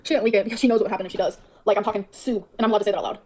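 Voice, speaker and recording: A woman's voice: medium pitch, fairly even intonation, rapid-fire, a little mellow. A woman streamer venting in a bitter, profane rant. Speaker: streamer in a played clip. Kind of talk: angry livestream rant.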